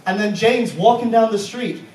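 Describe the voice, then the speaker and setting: High-voiced man ranting on a comedy stage. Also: normal speed, darkish tone, recorded from a distance, slight background noise. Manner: profane, incredulous ranting with frequent laughter. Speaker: stand-up comedian and compere. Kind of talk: live stand-up comedy with crowd work. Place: comedy club stage before a live audience. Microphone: handheld stage mic. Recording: echoey live room, voice off-mic at times.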